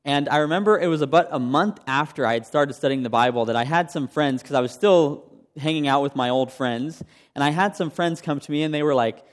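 This young man talks fast at a medium pitch as he preaches, telling his personal testimony casually and asking the congregation questions. The recording has a long hall reverb.

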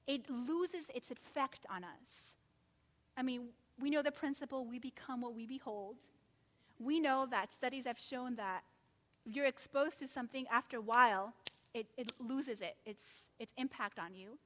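A woman preaching a sermon, animated and full of rhetorical questions, acting out quotes as she goes. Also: high-pitched, moderate pace, in a large hall.

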